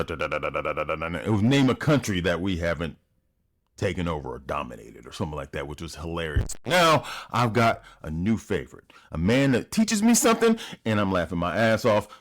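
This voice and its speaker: An American man hosting a reaction video, with goofy, jumpy commentary and silly asides. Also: low voice. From United States.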